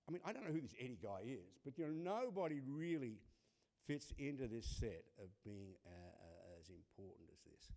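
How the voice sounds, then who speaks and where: A man introducing a keynote speaker with a humorous anecdote, telling it in an animated way. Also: medium pitch, moderate pace. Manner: animated storyteller, acts out quoted voices. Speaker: conference host introducing the speaker.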